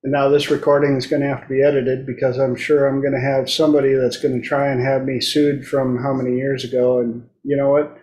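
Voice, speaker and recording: A man's voice: mid-range voice, flat delivery, brisk, hardly any pauses, a little mellow, roomy sound. A man hosting a casual talk show, telling blunt stories and acting out the people in them. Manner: blunt storytelling, acts out quoted voices. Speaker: host. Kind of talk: casual chat.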